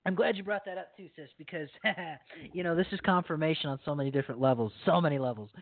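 A man's voice: on the high side, fast talker, gravelly, no room sound. Enthusiastic male host on a phone line. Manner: enthusiastic, addressing listeners as brothers and sisters. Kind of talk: preacher-style show hosting. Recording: tinny phone-like line, dry.

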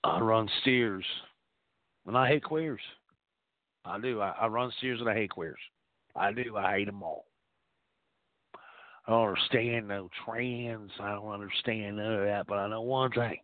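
A man's voice: fairly low pitch, measured pace, pauses often, dry recording, pitched below the performer's own voice, natural voice. A man playing a blunt, bigoted redneck uncle who repeats himself and boasts. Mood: scornful. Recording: tinny phone-line sound, dry.

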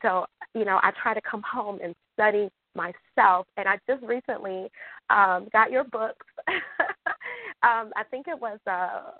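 An excited woman from Michigan calls in and rambles, stumbling into restart after restart. Her voice comes through a dry, tinny phone line with no room sound. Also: medium pitch, a little slow, no echo. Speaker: caller. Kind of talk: emotional call-in chat.

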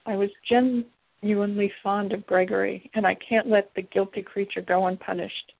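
A woman's voice: mid-range voice, fairly even intonation, moderate pace, gravelly, no echo. A woman voicing a polite, loyal male spirit servant with formal, courteous phrasing. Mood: earnest. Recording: tinny phone-like, dry.

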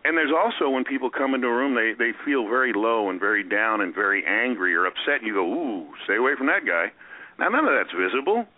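A man who is a guest on a radio talk show, talking in an animated way and acting out the voices he quotes. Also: mid-range voice, fast, hardly any pauses, no echo. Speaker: guest speaker. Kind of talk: radio interview. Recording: tinny phone-line radio sound.

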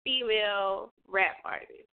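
A woman hosting a casual radio chat, animated and playfully switching voices. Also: medium pitch, a little slow, vocal fry. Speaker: show host. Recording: tinny phone-line sound.

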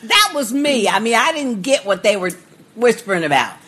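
A woman co-host in casual podcast chat, talking with a bright, forceful edge. Her pitch sits a little high and moves a lot. She is chatty and trips over fillers as she builds her story. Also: very animated, moderate pace, slightly rough. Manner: chatty, backchannels a lot, stumbles with uh.

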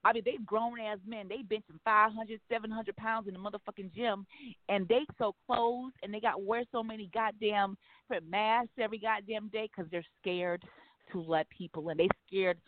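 A woman hosting a casual talk radio show, speaking frankly and profanely with animated storytelling. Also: medium pitch, moderate pace, no echo. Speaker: host. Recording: dry phone-like line.

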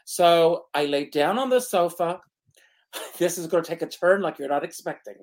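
A man's voice: fairly high pitch, animated, moderate pace. A man co-hosting a talk show, telling a personal story with dramatic flair and laughing through the sad parts. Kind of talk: casual chat, personal storytelling.

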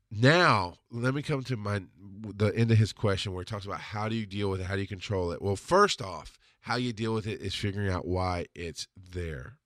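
A man telling a personal story in a blunt, profane, confessional monologue, dropping to a murmur and then bursting out loudly. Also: dry recording. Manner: blunt and profane, swings from low murmur to loud outbursts. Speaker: podcast host answering a listener question.

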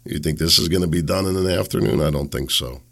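A man's voice: a bass voice, fast talker, creaky, a bit bright. A man hosting a solo political talk show, blunt and sarcastic, rambling with restarts.

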